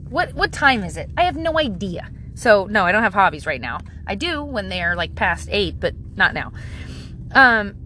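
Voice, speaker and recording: A woman's voice: on the high side, sharp tone, slight background noise. A woman in her thirties hosting a podcast, talking candidly and swearing casually with self-deprecating humor. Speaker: podcast host. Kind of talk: casual solo podcast monologue.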